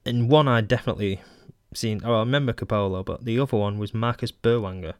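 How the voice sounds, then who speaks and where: A Mancunian podcast host muses aloud in a dry voice while casually reading old magazine articles on his solo show. He talks fast in a fairly low pitch, hesitant with many ums and restarts plus wry asides, and there's no echo.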